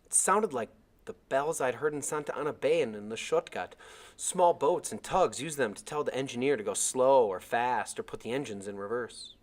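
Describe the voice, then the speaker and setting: A man reading a chapter of a novel aloud as narrator, with expressive storytelling. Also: mid-range voice, normal speed.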